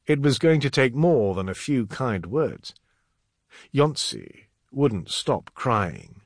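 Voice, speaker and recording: A man narrating an audiobook in a dramatic, expressive reading. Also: medium pitch, slow, no room sound, studio quality.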